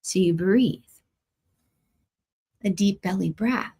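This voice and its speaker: A woman's voice: mid-range voice, slow pace, warm tone, breathy edge. A woman hosting a live astrology and spiritual guidance stream, chatty, laughing often and greeting viewers by name. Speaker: astrology host. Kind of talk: livestream spiritual guidance talk.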